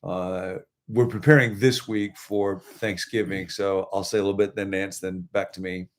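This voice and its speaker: A man's voice: sits low, level tone, normal speed. A middle-aged man, a pastor, co-hosting a livestreamed devotional talk and teaching in a conversational way with asides to viewers. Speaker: pastor and co-host.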